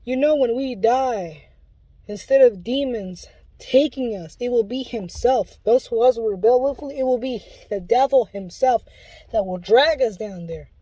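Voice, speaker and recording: A man's voice: very high-pitched, normal speed, dark tone, breathy edge, dry recording. A man delivering an impassioned spoken warning, pleading and urgent in a preachy way, often restarting his sentences. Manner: rambling with restarts. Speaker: self-described Luciferian giving a testimony.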